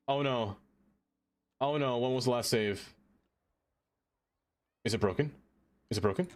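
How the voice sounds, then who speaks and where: A man streaming a game, chatting casually, talking to what he builds and answering chat, quick to exclaim in dismay when things go wrong. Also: medium pitch, soft background music. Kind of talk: casual live-stream chatter while playing.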